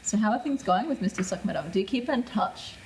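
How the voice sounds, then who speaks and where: A woman's voice: mid-range voice, expressive, fast, a little mellow, roomy sound, slight background noise. A woman co-hosting a podcast, teasing the others with short joking remarks. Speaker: podcast co-host. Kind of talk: joking banter.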